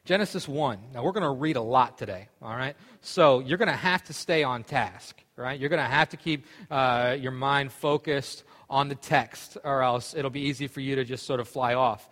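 A male pastor with a medium-pitched, slightly bright voice speaks at normal speed with hardly any pauses, his words carrying a long hall reverb in the church sanctuary. His sermon opens with a joke and rambles loosely, full of fillers and restarts.

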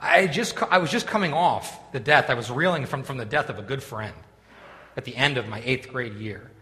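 A man's voice: mid-range voice, brisk, bright, forceful tone. A man preaching a sermon in a church, telling a story with many restarts and asides. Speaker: pastor. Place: church sanctuary. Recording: long reverb of a church hall.

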